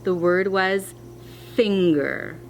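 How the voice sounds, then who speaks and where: A woman teaching a phonics lesson to young children, speaking slowly and clearly with encouragement. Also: mid-range voice, a little hiss or hum. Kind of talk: distance-learning phonics lesson.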